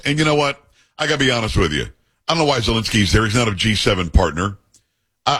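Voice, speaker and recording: A man's voice: on the low side, a bit bright, husky. A man hosting a talk radio show, reading news aloud and giving emphatic, opinionated commentary while joking with his co-hosts.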